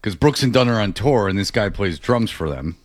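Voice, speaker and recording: A man's voice: on the low side, lively intonation, brisk, no echo, clean studio sound. A man hosting a morning radio show, telling stories animatedly, acting out quotes and laughing often. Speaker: radio host. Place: radio studio.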